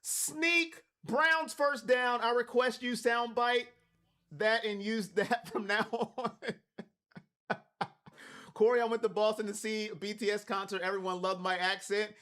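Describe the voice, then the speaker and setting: A man's voice: sits high, fairly even intonation, moderate pace. A man from Cleveland hosting a live watch party stream, calling plays and talking to his chat. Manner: hypes chat, shouts on big plays.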